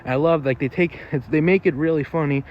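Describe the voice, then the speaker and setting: A man's voice: fairly high pitch, fairly quick, dull audio. A man rambling through a casual, off-the-cuff movie review, full of fillers and loose swearing.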